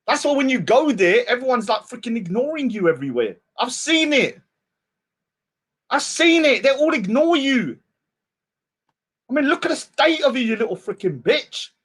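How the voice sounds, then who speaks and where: A man's voice: very high voice, big pitch swings, moderate pace, husky. A man delivering a taunting rant at a rival, hurling insults and mocking him. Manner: mocking and insulting, mimics his target in a whiny voice. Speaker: street preacher and debater. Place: outdoors at a public speaking spot.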